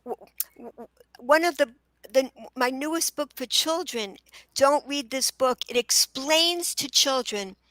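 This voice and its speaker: A woman's voice: high voice, dry recording, rough recording. A middle-aged woman, a children's book author, talking earnestly as a podcast guest and sometimes tripping over her words in eagerness. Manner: earnest, stumbles and restarts when excited. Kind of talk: podcast interview.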